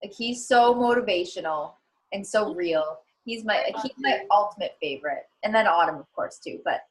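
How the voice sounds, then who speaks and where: A woman's voice: medium pitch, lively intonation, normal speed, a little hiss or hum. A woman in a casual chat, speaking with enthusiasm.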